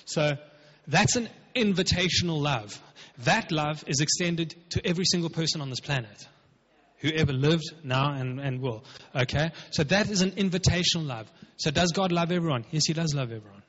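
A man's voice: a little high, moderate pace, a bit bright. A man preaching a sermon as pastor, emphatic and conversational, acting out quotes. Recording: dull, lo-fi with long hall reverb.

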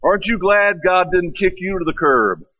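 Brief: male pastor, fairly high voice, storytelling sermon with rhetorical questions, dry dull recording. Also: animated, normal speed, no room sound. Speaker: preacher.

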